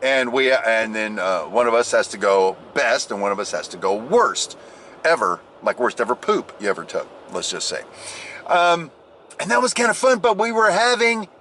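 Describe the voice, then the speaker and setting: Animated man telling a jokey story. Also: mid-range voice, moderate pace, slight background noise. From United States. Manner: animated, jokey, swings into loud exclaims and mimicked voices. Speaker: vlogger. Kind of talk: casual storytelling vlog.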